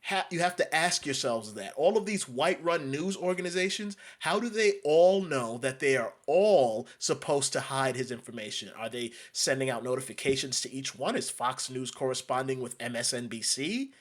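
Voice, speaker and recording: A man's voice: medium pitch, expressive, normal speed, few pauses. A man from New York delivering an emphatic ranting monologue, repeating and restarting phrases. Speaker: commentator.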